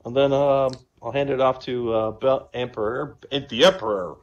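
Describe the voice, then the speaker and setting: A man's voice: mid-range voice, fairly even intonation, normal speed, highs cut off. Man telling jokes on voice chat. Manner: chatty, laughs at his own jokes. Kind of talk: casual joke-telling on a voice chat. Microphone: online voice chat.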